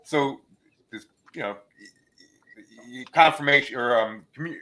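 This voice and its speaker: Male podcast host, bright forceful tone, tells jokes and cracks up at his own lines. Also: medium pitch, a little slow. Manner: joke-telling storyteller, laughs at own punchlines. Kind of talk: casual chat, telling jokes.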